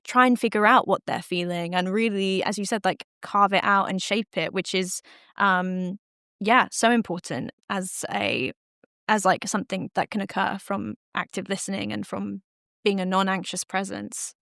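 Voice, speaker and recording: A woman of medium pitch chats affirmingly as co-host of a faith podcast. Her voice is recorded dry and close. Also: moderate pace, gravelly, no room sound. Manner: affirming, chatty, animated when quoting. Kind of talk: casual faith podcast conversation.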